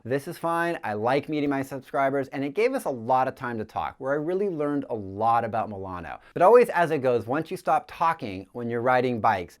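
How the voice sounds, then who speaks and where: A man hosting a cycling channel, telling the story of a group ride in a lively, enthusiastic way. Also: medium pitch. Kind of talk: storytelling voice-over.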